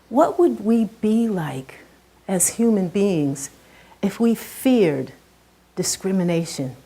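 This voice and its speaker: Middle-aged woman, heartfelt storyteller on a talk stage; warm, soft tone that climbs and sinks with emotion. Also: medium pitch. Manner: earnest and heartfelt, rises and drops sharply with emotion. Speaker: speaker giving a talk. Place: stage before a live audience.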